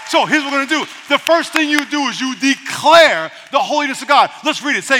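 High, bright-voiced preacher in a reverberant hall. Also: male voice, brisk, few pauses, a faint crowd, a little hiss or hum. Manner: energetic, humorous, call-and-response with the congregation. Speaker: pastor. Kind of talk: sermon.

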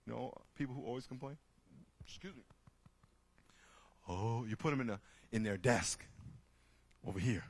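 A man speaking to a group, telling lively stories and acting out the people in them with loud bursts. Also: mid-range voice, normal speed, long pauses. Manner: lively, acts out characters with loud shouting bursts. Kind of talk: animated storytelling talk.

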